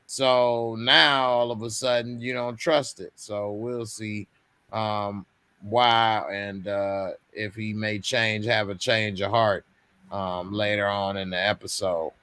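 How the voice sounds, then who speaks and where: Male stream host, unhurried delivery, crisp bright tone, dry close sound, slangy and easygoing. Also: lowish voice, steady tone, no echo. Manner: laid-back, slangy, laughs often. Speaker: host of a TV recap livestream. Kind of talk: casual recap chat. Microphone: webcam on a video livestream.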